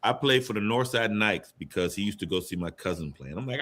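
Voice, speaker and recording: A man on a talk panel telling a personal story in an animated, emphatic way. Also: on the low side, fairly quick, hardly any pauses. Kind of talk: casual panel discussion.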